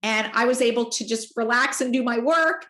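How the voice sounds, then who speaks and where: A candid woman in her forties tells a personal story as a podcast guest, her voice sitting a bit high. She talks in an expressive, heartfelt way. The room around her gives a noticeable echo. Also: normal speed. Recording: roomy echo.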